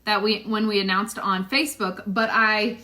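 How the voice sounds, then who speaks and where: Bright-voiced chatty woman vlogger. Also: mid-range voice, steady tone, moderate pace. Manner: chatty storytelling with many "like"s, addresses viewers as "y'all". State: pregnant. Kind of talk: casual chat to camera.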